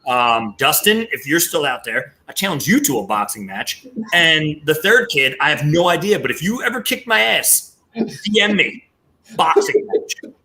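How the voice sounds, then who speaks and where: A man, hosting a podcast and telling a story in lively casual chat, swearing freely. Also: fairly high pitch, normal speed. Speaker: podcast host.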